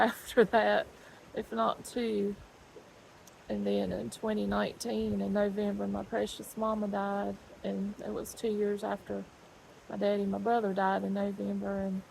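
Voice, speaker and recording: Gravelly woman, plain flat delivery. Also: medium pitch, slight background noise, low-quality recording. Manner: earnest, halting, pauses with fillers. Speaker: person giving a testimony. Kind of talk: personal faith testimony.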